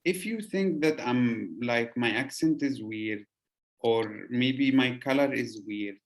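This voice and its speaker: Host: man from Yemen, earnest, mid-pitched, halting. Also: gravelly. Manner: earnest, pausing with "uh". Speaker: podcast host. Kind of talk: casual conversation.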